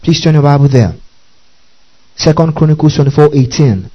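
A man preaching a sermon as a pastor, reading scripture slowly and deliberately and checking in with the congregation again and again. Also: a little high, animated, slightly rough. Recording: dull lo-fi recording.

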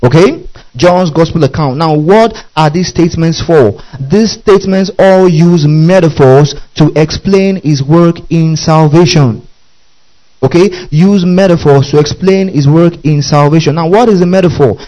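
A man with a fairly high voice preaches a sermon. He is emphatic, keeps asking his congregation whether they are following, and drops in hallelujahs and amens between points. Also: measured pace, warm tone, lo-fi sound. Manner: repeats questions to the congregation, emphatic; interjects hallelujah and amen. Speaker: pastor.

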